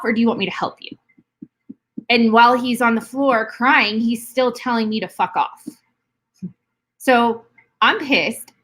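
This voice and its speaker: A woman's voice: a little high, fairly bright tone. A woman co-hosting a podcast, talking bluntly and heatedly in casual chat, swearing freely. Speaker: podcast co-host.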